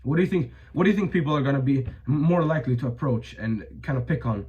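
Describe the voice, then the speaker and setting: A man's voice: mid-range voice, fast talker, darkish tone, dull audio. A young man giving blunt, profane advice in a casual monologue, full of fillers and restarts, his voice a bit strained. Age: young adult. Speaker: vlogger.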